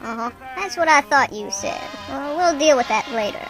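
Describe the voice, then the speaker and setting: A woman's voice: sits high, lively intonation, normal speed, over music, low-quality recording. Francis, a woman doing a sarcastic talking mule. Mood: wisecracking. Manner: dry teasing wisecracks, bossy. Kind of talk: improvised radio comedy.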